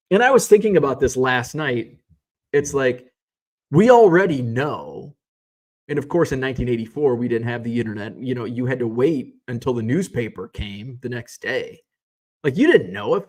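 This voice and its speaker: A middle-aged man from the United States hosts a casual live-stream chat, reading out viewer comments. His talk wanders from topic to topic with restarts and self-corrections, at a mid-range pitch typical for a man. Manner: rambling, chatty, tangents and self-corrections.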